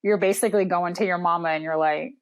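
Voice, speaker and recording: A woman's voice: on the low side, fairly even intonation, fast talker, dull audio. A woman appearing as a guest on a podcast, chatting casually, swearing now and then and acting out what people might say. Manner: chatty, acts out quoted voices, swears casually. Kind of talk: casual chat.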